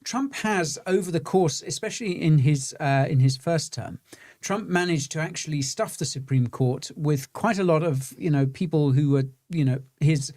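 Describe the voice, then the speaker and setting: A man's voice: fairly high pitch, moderate pace, a little mellow. A man co-hosting a live crypto news show, reading chat comments with lots of ums and restarts and joking along. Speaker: co-host.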